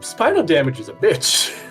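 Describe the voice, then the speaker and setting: Slow, animated joking streamer man. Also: sits high, soft background music. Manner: dry, joking, explanatory. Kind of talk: casual chat during a game voice-over.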